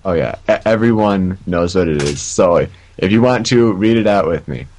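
A man's voice: deep voice, lively intonation, normal speed, darkish tone, slight background noise. A man co-hosting a podcast, chatting in an easygoing way with dry asides. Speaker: podcast co-host. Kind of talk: casual gaming chat.

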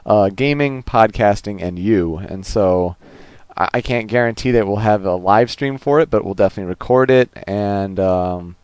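A man's voice: on the low side, normal speed, clean tone, no echo. A man co-hosting a casual gaming podcast, rambling along with plenty of ums and uhs. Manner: relaxed, rambling with many fillers. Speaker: podcast co-host.

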